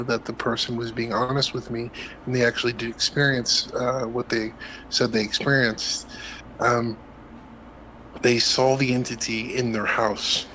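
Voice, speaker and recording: A man's voice: mid-range voice, sharp tone, a little hiss or hum, poor audio. A man calling in to a casual debate, talking hesitantly with many fillers and restarts.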